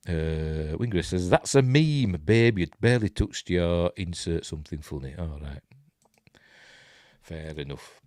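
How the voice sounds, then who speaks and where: A man's voice: sits low, lively intonation, takes it slowly, a little mellow, no room sound, studio quality. A man with a Yorkshire accent hosting a live news stream, reading sci-fi stories and breaking off for wry, sarcastic asides.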